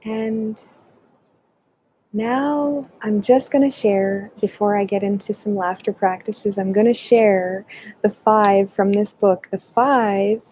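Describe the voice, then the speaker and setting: A woman with a mellow, soft-toned voice leads a laughter yoga class, taking her time with each phrase. She guides gently and moves between French and English without hurry. Faint room ambience sits behind her. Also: mid-range voice, slight background noise, poor audio. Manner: gentle, unhurried guidance mixing French and English. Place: indoors, alone.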